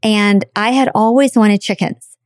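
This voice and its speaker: A woman telling a personal story in a chatty, animated way, acting out the voices of people she quotes. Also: medium pitch, a little slow, no room sound, clean studio sound.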